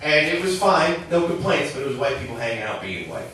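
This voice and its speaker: A man's voice: medium pitch, sing-song, brisk, a bit bright, slight background noise. Chatty male stand-up comic in an echoey bar. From southern Minnesota. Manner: conversational, chatty with many likes and rights. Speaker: stand-up comedian. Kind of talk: stand-up comedy set. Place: bar stage. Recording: echoey bar recorded from a distance.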